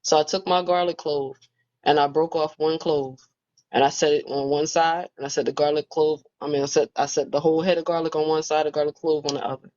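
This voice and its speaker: A woman's voice: deep voice, steady tone, brisk, darkish tone. Reflective woman on muffled lo-fi audio. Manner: reflective, storytelling. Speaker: book club member. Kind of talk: casual group conversation.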